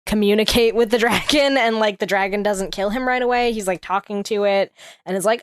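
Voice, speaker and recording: A woman's voice: mid-range voice, fairly even intonation, normal speed, clear, resonant tone, no echo. Chatty young woman with a dry voice. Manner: chatty, giggly, lots of fillers. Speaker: podcast co-host. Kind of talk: casual book discussion.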